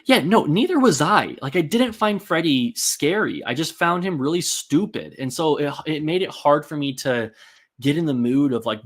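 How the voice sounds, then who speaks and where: Chatty man hosting a casual live-stream. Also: a little high. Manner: rambling and chatty, many ums and likes, reads and answers chat comments.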